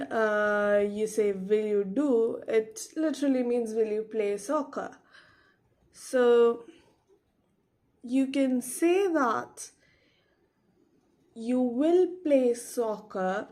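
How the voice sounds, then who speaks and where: A woman teaching a casual online language lesson, explaining slowly with fillers and modeling phrases with rising question intonation. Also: a little high, a little mellow.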